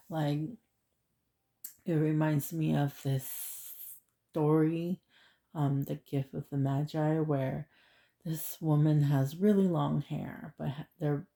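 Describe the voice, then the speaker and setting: Slow, gravelly low-voiced woman. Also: dark tone. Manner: chatty, rambling, reads affirmations slowly. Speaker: oracle card reader. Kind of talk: casual spiritual card reading.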